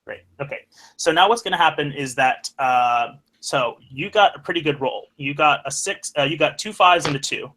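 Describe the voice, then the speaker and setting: Bright-voiced man, halting game master. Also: on the high side. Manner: halting, many fillers and restarts. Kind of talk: casual tabletop game talk.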